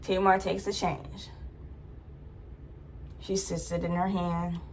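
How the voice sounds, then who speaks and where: A woman's voice: on the low side, little pitch movement, slow pace, darkish tone, a little hiss or hum. A young adult woman vlogger telling a personal story in a casual, chatty way, full of "like" fillers.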